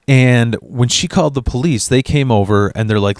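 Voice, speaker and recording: A man hosting a vlog, telling a comedic story in an animated, profane, fast-talking way. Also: mid-range voice, no echo, clean studio sound. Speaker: vlog host.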